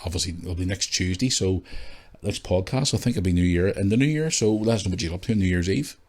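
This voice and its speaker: Sweary man, low voice. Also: darkish tone. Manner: rambling, sweary, candid. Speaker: podcast host. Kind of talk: casual solo podcast chat.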